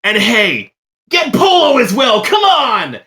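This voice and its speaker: A man voicing a loud, swaggering male adventurer in a tabletop game, talking high and teasing. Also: huge pitch swings, slow, full character voice. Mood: rallying.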